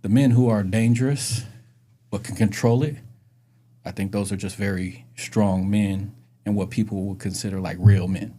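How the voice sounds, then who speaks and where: Low, mellow-voiced man musing earnestly. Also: steady tone, moderate pace. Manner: reflective, earnest, asks questions. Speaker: podcast host. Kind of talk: casual conversation.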